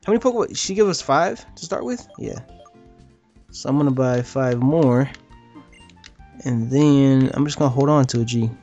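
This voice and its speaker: A man's voice: mid-range voice, moderate pace, pauses often, mellow, dull audio, soft background music. A man commentating a game playthrough with a friend, cursing and laughing as he plays. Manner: profane, laughing banter. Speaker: let's play host. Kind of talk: casual gameplay commentary.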